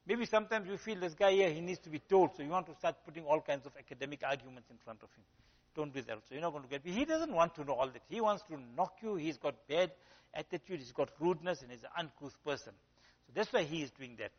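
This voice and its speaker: A man's voice: on the high side, animated, fast talker. A male preacher giving a conversational sermon, telling stories and often saying "you know". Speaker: Islamic preacher. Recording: dull sound with long hall reverb.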